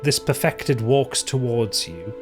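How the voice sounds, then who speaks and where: A man's voice: medium pitch, lively intonation, slow, over music. Hesitant male game master. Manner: descriptive, hesitant, many ums and kind ofs. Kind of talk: narrating a tabletop game.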